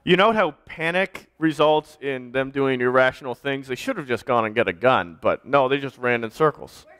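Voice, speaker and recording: A man's voice: medium pitch, moderate pace, a bit bright, clean tone. A man, a pastor, telling a children's story during a church service and directing children to act parts out.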